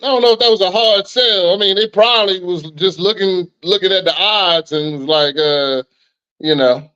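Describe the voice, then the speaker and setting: A man co-hosting a casual chat, mostly giving calm, brief affirmations. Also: high-pitched, normal speed, smooth. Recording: dull lo-fi audio.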